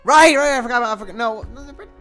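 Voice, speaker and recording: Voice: mid-range voice, rapid-fire, fairly bright tone. A streamer chats loosely while playing, often swearing and trailing off into tangents. The voice sits in a middle range. Faint game music runs underneath. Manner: swears often, rambling, laughs a lot. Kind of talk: casual let's-play commentary.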